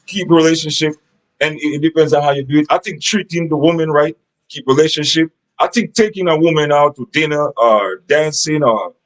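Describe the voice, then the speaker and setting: A man's voice: on the high side, low-quality recording. A man giving relationship advice in a rambling, repetitive monologue, often checking in with "Understand?". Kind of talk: casual monologue.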